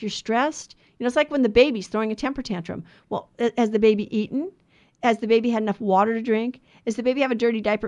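A woman hosting a Bible study show, teaching in an earnest, exhorting sermon style with motherly asides. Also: on the high side.

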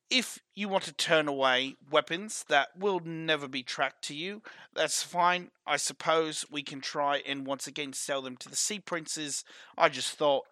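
A man's voice: a little high, bright, forceful tone, no room sound. A man voicing a bold, scheming smuggler who talks in a flowery, persuasive way. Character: smooth-talking male smuggler, bold and scheming.

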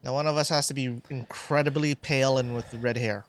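A man's voice: medium pitch, steady tone, fairly quick. A man co-hosting a casual comedy chat, throwing in dry, teasing remarks. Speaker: co-host.

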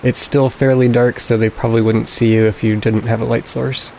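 Gravelly-voiced game master. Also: male voice, medium pitch, brisk, slight background noise, rough recording. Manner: calm, matter-of-fact rulings and scene-setting. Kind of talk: narrating a tabletop game.

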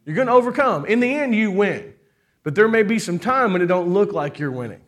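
Male pastor, middle-aged, high bright voice, preaching with lots of call-and-response. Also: lively intonation, a little fast. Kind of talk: sermon.

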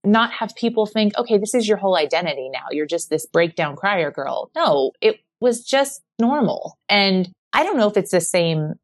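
A woman's voice: medium pitch, moderate pace, hardly any pauses, no echo. A middle-aged woman speaking as a podcast guest, telling personal stories candidly and with animation, full of "like"s. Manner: candid, animated storytelling with many "like"s. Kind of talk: personal conversation.

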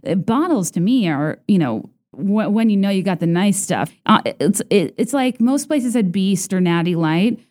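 A woman hosts a podcast in a casual, rambling monologue. She is sarcastic and playful and often uses filler words. Her voice sits mid-pitch with a mellow, warm tone. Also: animated, moderate pace, few pauses. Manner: chatty and sarcastic, heavy on "like", mimics others in high voices. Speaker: podcast host.

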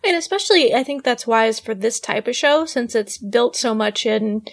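A woman's voice: on the high side, animated, normal speed. A woman from England, chatting on a podcast and asking upbeat questions. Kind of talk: casual chat.

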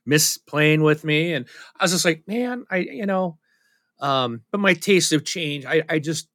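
A man talks in loose, casual podcast chat, candid and a little self-deprecating. He circles back and restarts often. His voice is bright and forceful, recorded dry with no room sound. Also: a little high, normal speed, no room sound. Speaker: podcast co-host.

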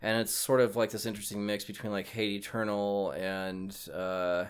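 A man's voice: on the low side, level tone, normal speed, clean tone. A man guesting on a podcast as a musician, explaining his band in an easygoing way with fillers. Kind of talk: casual podcast interview.

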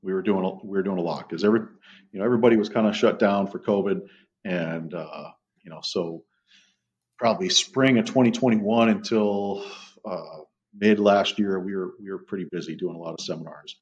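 A man's voice: sits low, a little fast. A middle-aged man, a dog trainer, chatting as a podcast guest, rambling through stories and swearing casually. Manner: rambling storyteller, casual profanity. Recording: muffled lo-fi audio.

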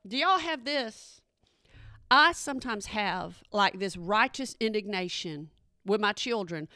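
Chatty woman, bright voice. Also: on the high side, no room sound, clean studio sound. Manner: chatty, playful, asks the audience questions. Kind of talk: casual comedic talk to an audience.

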